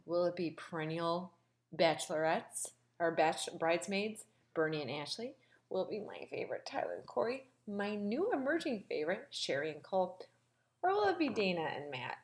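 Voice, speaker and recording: A woman hosting a casual, gossipy recap of a reality show, sassy and animated. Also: moderate pace. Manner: animated, gossipy and sassy, with big pitch swings.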